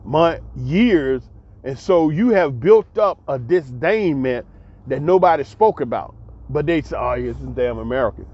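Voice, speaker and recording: A man's voice: on the high side, darkish tone, lo-fi sound. A man giving a casual spoken commentary, blunt and emphatic, repeating himself and swearing freely. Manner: emphatic, repetitive, blunt and profane. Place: abroad.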